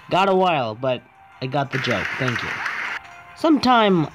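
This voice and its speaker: A man's voice: medium pitch, very animated, slow pace, over music, crowd noise. A young man who just woke up, casually commentating a mobile game, swearing and arguing with the controls. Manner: profane, exasperated, talks to the game. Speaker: gaming YouTuber.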